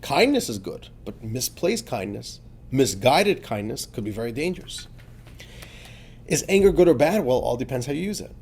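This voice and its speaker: A man, a rabbi, teaching a religious text in an emphatic lesson, moving between quiet asides and fervent, urgent outbursts. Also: mid-range voice, very animated, moderate pace, gravelly, a little hiss or hum.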